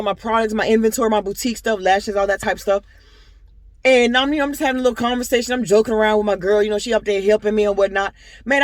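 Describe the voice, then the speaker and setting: A woman's voice: mid-range voice, dry recording. Rambling woman vlogger, dry close sound. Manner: rambling, earnest storytelling with many fillers; talks straight to her viewers. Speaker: vlogger and boutique owner. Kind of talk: casual personal vlog talk.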